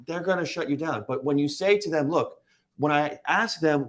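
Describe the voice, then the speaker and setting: A man's voice: a little high, a little fast. Emphatic man coaching sales calls. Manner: emphatic, acts out phone calls. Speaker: Medicare sales trainer. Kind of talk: panel discussion.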